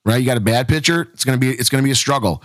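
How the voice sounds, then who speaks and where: A man on a coaching podcast speaks emphatically, often pleading with parents and coaches. His voice sits at a middle pitch. The recording is dry and close, with no room sound. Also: rapid-fire, fairly bright tone, dry recording. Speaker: podcast co-host, softball coach. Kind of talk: casual podcast chat.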